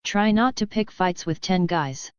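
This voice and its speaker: A guarded young man with firm principles, speaking in short, cautious warnings, as a woman voices him in an audiobook. The tone is low and smooth, with no room sound at all. The sound is a touch dull. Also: measured pace, no room sound, lightly acted. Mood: wary. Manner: curt, cautious. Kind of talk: audiobook reading.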